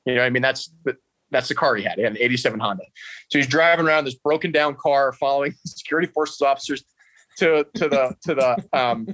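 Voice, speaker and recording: A man's voice: a little high, a bit bright, no echo. A man in his thirties from New Jersey, a podcast guest telling a story in a casual, sarcastic, profane way. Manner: sarcastic, profane, acts out dialogue.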